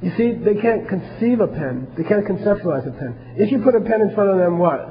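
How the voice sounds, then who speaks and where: A man's voice: sits high, expressive, a little fast, in a large hall, highs cut off. A man teaching a class on Buddhism, talking casually and asking his listeners questions as he goes.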